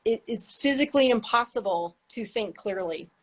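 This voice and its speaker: A middle-aged woman with a slightly high voice talks as a guest therapist and mediator. She explains things in an earnest, teacherly way and hammers key phrases by repeating them. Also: lively intonation, normal speed. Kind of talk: casual explanatory chat.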